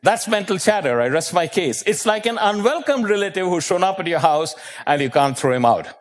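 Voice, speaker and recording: Man giving a slow, emphatic talk. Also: high voice, lively intonation. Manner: slow, emphatic, with dramatic pauses; asks the audience questions. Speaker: motivational speaker. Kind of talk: motivational talk with storytelling.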